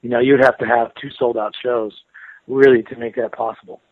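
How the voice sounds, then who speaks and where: An American man talks about his career over a phone line that sounds thin and boxed-in, with no room around him. His speech is loose and friendly, full of repeated words and quick laughs. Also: mid-range voice, dry recording. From United States. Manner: relaxed, chatty, laughs often, repeats words. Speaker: interviewed metal guitarist. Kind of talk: casual phone interview. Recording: tinny dry phone line.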